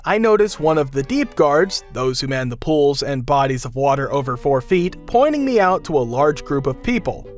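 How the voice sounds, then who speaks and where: Lively male story narrator. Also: a little high. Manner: lively, exasperated first-person telling. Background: faint background music.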